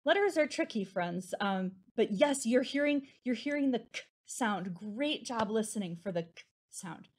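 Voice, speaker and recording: A young woman leading a preschool storytime, her voice pitched fairly high and swooping widely up and down. She talks slowly and deliberately, in a sing-song, encouraging way meant for small children. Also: lively intonation, a little hiss or hum. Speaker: children's librarian.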